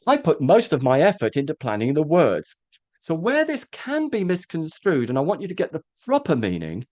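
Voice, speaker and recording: A man coaching a room of presenters, his voice rising and falling in a lively, demonstrative way. He talks with frequent ums and restarts. His pitch sits a touch high for a man. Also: dry recording. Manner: animated, demonstrative, with frequent fillers. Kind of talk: live workshop talk.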